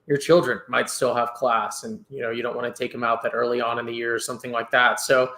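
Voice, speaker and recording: A man co-hosting a sports podcast, explaining things in a measured way with "uh" and "you know" fillers, a bit tired after a long day. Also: medium pitch, little pitch movement, pushed and bright. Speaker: podcast co-host. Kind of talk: casual sports podcast chat. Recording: roomy echo.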